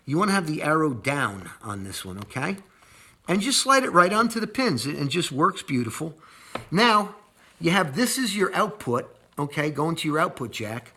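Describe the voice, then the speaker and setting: Rambling man with a slightly high voice. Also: big pitch swings, normal speed, pushed and bright. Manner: rambling, repeats words, swears when annoyed. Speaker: video host demonstrating an install. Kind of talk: casual how-to walkthrough.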